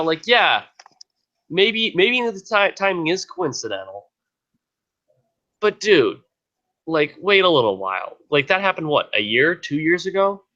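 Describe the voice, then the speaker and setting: Podcast co-host, male, slightly high and bright, rambling with restarts; dull sound. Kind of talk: casual podcast chat.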